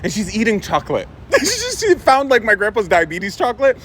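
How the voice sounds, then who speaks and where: Animated young man telling a story. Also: sits high, fairly quick, slight background noise. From Middle East. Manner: animated, laughs often. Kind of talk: casual storytime.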